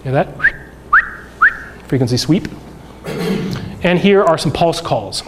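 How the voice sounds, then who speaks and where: A man teaching a workshop class, talking through slides in a relaxed, conversational way with many fillers and restarts. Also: a little high, slow, heavy background noise. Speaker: workshop instructor. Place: lecture room.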